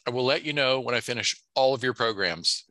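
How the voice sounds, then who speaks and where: A man's voice: mid-range voice, brisk, pushed and bright, no echo. A man co-hosting a podcast who reads listener comments aloud and makes dry asides in casual chat.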